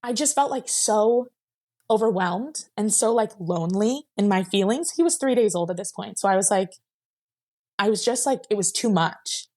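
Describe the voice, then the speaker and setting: This guest, a young woman with a medium-pitched, slightly mellow voice, recounts her own experience at a moderate pace. She wanders through it casually, leaning on "like" and laughing along the way.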